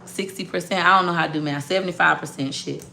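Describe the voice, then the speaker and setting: A woman business owner telling a story to her viewers in a blunt, profane, animated way. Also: on the low side, fast, vocal fry, a little hiss or hum.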